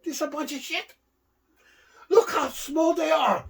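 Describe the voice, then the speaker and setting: A man voicing a gruff, indignant older male wrestler who makes loud, complaining demands. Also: very high voice, measured pace, voice pushed up, heavily acted.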